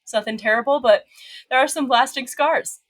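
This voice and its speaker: A woman's voice: sits high, fairly quick. A woman guest on a podcast telling her story in casual chat, laughing at herself and quoting others.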